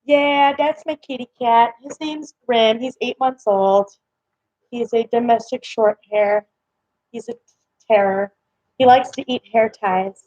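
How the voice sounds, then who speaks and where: A woman's voice: a little high, animated, unhurried, darkish tone, dry recording. A young woman chatting casually with her viewers on a live stream from home, rambling with lots of fillers. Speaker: livestream host. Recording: slightly dull lo-fi stream audio.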